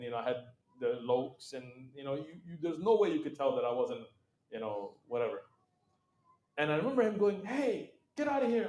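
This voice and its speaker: A middle-aged man tells stories as an interview guest, animated and casual, and he slips into quoted voices with frequent laughs. His pitch sits in an ordinary middle range. The room around him is noticeably echoey.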